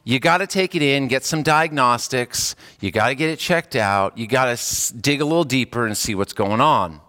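A hospice chaplain delivers a casual, conversational sermon in a big-room space, his voice pushed and bright at a moderate pace. He acts out the people he quotes, jumping in pitch for their voices.

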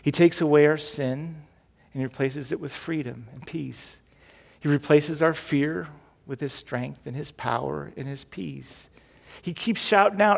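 A man's voice: a little high, fairly even intonation, unhurried, creaky, long reverb tail. A male pastor preaching a sermon with a repetitive, building cadence.

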